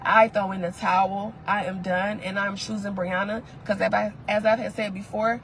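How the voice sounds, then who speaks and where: A woman's voice: medium pitch, level tone, moderate pace, fairly bright tone, slight background noise, poor audio. A pregnant woman talking straight to her viewers in an emotional vlog, repeating lines for emphasis. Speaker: content creator.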